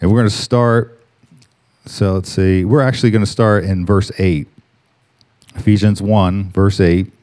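Guy preaching a sermon, mellow dark voice, drags out the big words. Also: lowish voice, fairly even intonation. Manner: slows and stresses key words, reading scripture aloud. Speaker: pastor.

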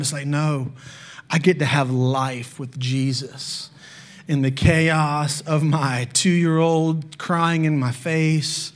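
A man's voice: fairly high pitch, a bit bright. A young male pastor preaching, telling candid, self-deprecating stories from home life. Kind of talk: sermon.

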